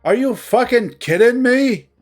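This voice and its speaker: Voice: medium pitch, expressive, slow pace, soft background music, voice pushed up. A narrator voicing a young male bat, angry and wounded, hissing out curses. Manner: hissing, swearing outbursts.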